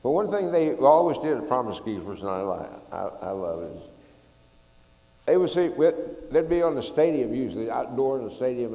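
A man's voice: mid-range voice, vocal fry, warm tone. A middle-aged man preaching a sermon in a folksy, conversational way, leading his congregation in call-and-response. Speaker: pastor. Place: church sanctuary. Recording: echoey church hall.

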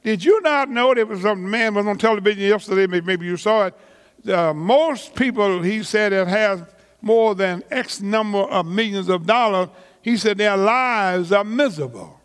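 Pastor, male, high voice, deliberate preaching pace, reverberant church sound. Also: clean tone. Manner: slow, emphatic preaching with drawn-out words and repetitions; colloquial vernacular grammar. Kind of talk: sermon.

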